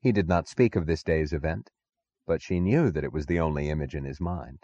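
A man narrating an audiobook in a deliberate, expressive literary reading. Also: very deep voice, husky. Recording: dull, dry lo-fi audiobook recording.

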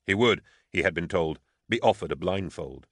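A man reading an audiobook as narrator, in a measured, steady storytelling manner. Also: sits low, breathy edge, no echo, clean studio sound. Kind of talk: scripted narration.

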